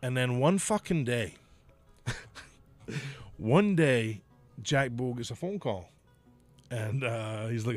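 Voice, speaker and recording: A middle-aged man swapping stories in relaxed podcast chat, laughing often and cursing freely. His voice sits in an ordinary middle pitch, with faint music in the background. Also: slow, long pauses, no room sound. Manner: profane, laughs often, storytelling. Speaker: podcast host, former wrestler. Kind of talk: casual chat.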